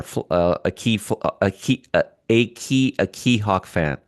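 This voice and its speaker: A middle-aged man hosts a live stock market stream, chatting away, reading out viewer comments and teasing his audience with jokes. His voice is fairly low with lively intonation and a normal pace, recorded with studio quality and no echo.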